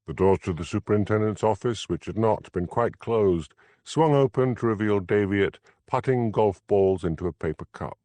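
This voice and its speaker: A man reading an audiobook mystery as narrator, in measured, expressive storytelling. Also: lowish voice, no room sound. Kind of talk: scripted narration.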